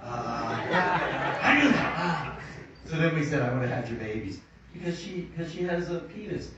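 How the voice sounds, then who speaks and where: A man's voice: a little high, lively intonation, a little slow, over a noisy crowd, very noisy. A man spins loose, jokey anecdotes as a guest actor at a screening Q&A. His voice comes from well away from the mic, bouncing around a big echoey cinema with a slightly muffled sound. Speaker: actor on a Q&A panel. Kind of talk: joking panel storytelling. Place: cinema auditorium. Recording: echoey muffled hall audio from far off.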